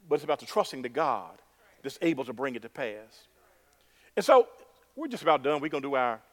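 A male pastor preaching a sermon, emphatic and repetitive, building to loud exclamations. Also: fairly high pitch.

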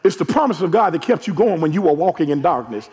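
A man, a hoarse pastor preaching a sermon and calling out to his congregation, rising to shouts. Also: fairly high pitch, very animated, quick pace. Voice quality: gravelly, husky. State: hoarse from allergies. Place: large church sanctuary. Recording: long echo of a large church hall.

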